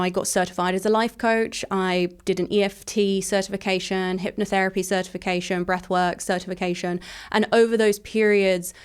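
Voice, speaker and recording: A woman in her thirties from England, telling her personal story as an interview guest in a frank, rapid way, full of "like" fillers. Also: medium pitch, clear, resonant tone.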